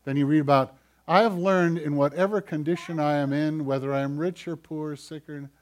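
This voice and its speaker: Guy preaching a sermon, kinda high voice, gets loud then goes quiet. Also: brisk. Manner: animated, acts out whiny voices, swings loud and soft. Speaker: pastor.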